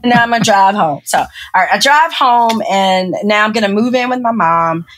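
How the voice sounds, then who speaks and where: Animated woman telling a personal story. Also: medium pitch, normal speed. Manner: lively storyteller who laughs often and mimics people she quotes. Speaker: podcast guest.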